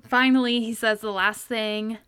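A woman's voice: a little high, unhurried, clean tone. A young woman co-hosting a podcast, animatedly retelling a show scene by scene, slipping into quoted lines between laughs. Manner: animated storytelling, quoting people with laughs. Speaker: podcast co-host. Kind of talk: casual recap chat.

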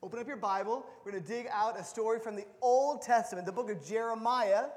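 A man preaching a sermon as pastor of a church, playful and animated, often repeating words as he restarts a thought. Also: sits high, brisk. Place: church sanctuary. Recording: long hall reverb.

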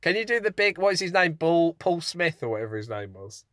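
A man's voice: on the high side, very animated, fairly quick, fairly bright tone, no room sound, clean studio sound. A British man co-hosting a podcast in casual chat, easygoing and amused. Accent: British English. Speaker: podcast co-host.

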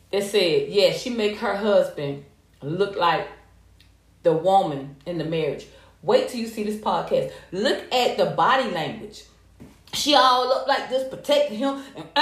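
Woman, American, sassy gossip vlog commentary, lively pitch, echoey room. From United States. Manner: animated, sassy and profane, with frequent laughs. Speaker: commentary vlogger.

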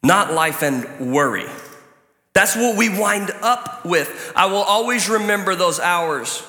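A male pastor preaching a sermon to his congregation from a church stage. He talks in a lively, conversational way and mixes in joking stories. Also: high voice, slow. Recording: echoey church hall.

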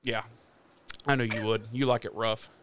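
A man hosting a podcast, casually recapping a TV episode as an animated storyteller. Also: lowish voice, normal speed, slight background noise. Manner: animated storyteller who acts out the characters' lines. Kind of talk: casual chat.

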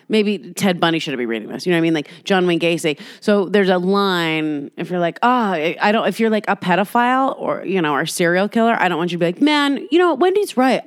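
A woman's voice: medium pitch, no room sound, clean studio sound. A woman hosting a solo podcast from her apartment, rambling candidly and swearing freely. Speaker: podcast host. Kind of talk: casual solo podcast monologue. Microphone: laptop.

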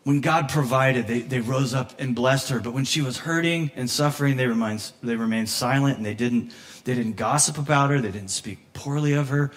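A man preaching a sermon as pastor, conversational and animated, laughing often and acting out quoted voices, moved close to tears at times. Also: mid-range voice, normal speed. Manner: emotional, near tears at moments.

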